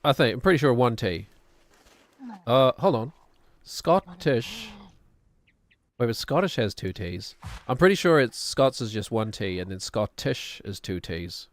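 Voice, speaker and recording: A middle-aged man with a New Zealand accent talks loosely on his game stream. His voice sits at an ordinary middle pitch. He rambles, restarts his sentences and chuckles between his thoughts. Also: lively intonation, moderate pace, no room sound. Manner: rambling, self-correcting, chuckling. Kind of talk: casual chat while gaming.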